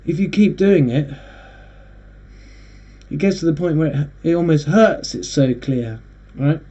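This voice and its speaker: A man hosting a casual monologue, rambling and halting with frequent restarts. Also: on the high side, animated, dark tone. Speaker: host. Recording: dull lo-fi recording.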